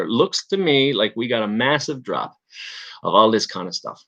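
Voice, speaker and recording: Speaking in a mid-range, bright voice that's animated and forceful, a livestream host from Newfoundland, Canada, talks at normal speed in his Newfoundland accent. He rambles, restarts constantly, fills gaps with fillers, and chats with viewers; the recording's highs are cut off.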